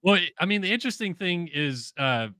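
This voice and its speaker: A man's voice: sits high, sing-song, brisk, crowd noise. A young man interviewed as a guest, talking casually and thinking aloud through frequent fillers. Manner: thoughtful, many fillers and restarts. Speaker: guest, moto journalist.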